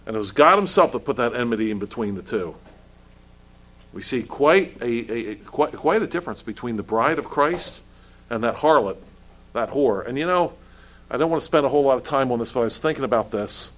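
A man's voice: medium pitch, expressive, brisk, a bit bright. A man preaching to his congregation in a mid-range voice, firing off rhetorical questions. He often restarts his words as he presses each point home. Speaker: pastor. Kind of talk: sermon.

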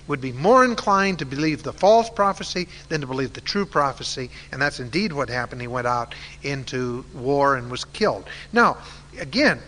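A man's voice: on the high side, pushed and bright. A man telling a Bible story in a sermon, conversational and full of uh fillers. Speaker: Bible teacher. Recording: long hall reverb.

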